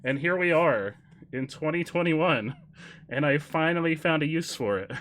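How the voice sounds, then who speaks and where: A man's voice: fairly high pitch, animated, normal speed, fairly bright tone. A man chatting casually on a live stream, telling dad jokes, laughing often and correcting himself as he rambles. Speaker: game streamer.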